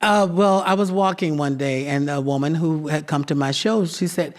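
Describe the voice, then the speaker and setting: A man who founded a theatre troupe tells stories from his career in an interview, with a voice that sits fairly high for a man. He is an animated storyteller and acts out the voices of the people he quotes. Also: normal speed, hardly any pauses.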